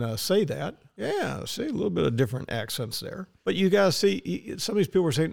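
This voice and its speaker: A man with a slightly high voice hosts his own podcast. He speaks bluntly in folksy solo commentary. His tone is sarcastic throughout. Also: very animated, fast talker, gravelly, few pauses, a little mellow. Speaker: podcast host.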